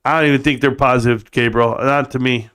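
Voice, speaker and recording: A man's voice: medium pitch, fairly even intonation, quick pace, a bit bright, clear, resonant tone. A man from California hosting a casual live stream, joking and blunt, calling everyone "bro" as he reads chat. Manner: joking, blunt, says "bro" a lot, swears.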